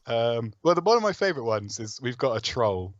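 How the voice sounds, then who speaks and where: A man's voice: mid-range voice, sing-song, a little fast, no echo, highs cut off. A man with a sore throat from a cold, chatting as a game developer guest in a self-deprecating, hesitant way. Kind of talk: casual interview chat.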